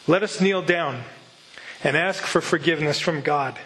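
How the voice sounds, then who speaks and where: A man voicing an earnest middle-aged pastor in a retold story, speaking in a measured, solemn way. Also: fairly high pitch, a bit bright, lightly acted, low-quality recording.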